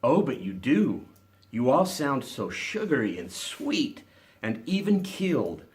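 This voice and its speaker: A man reading aloud and voicing an earnest, gently teasing young man in a storybook. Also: mid-range voice, sing-song, unhurried, voice pushed up.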